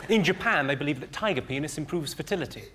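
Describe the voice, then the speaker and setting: A man with a posh southern English accent doing stand-up one-liners in a clipped, deadpan delivery, recorded live at a comedy show. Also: on the high side, fast, a little hiss or hum. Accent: English, southern received pronunciation. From England, home counties. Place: live comedy venue with audience. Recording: live show recording with loud audience laughter.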